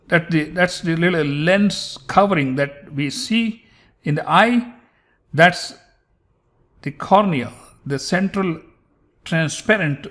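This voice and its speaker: A man with an Indian English accent runs an informal accent lesson. His voice sits a little high. He says each word, then riffs on it with humor. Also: a bit bright. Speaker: accent coach.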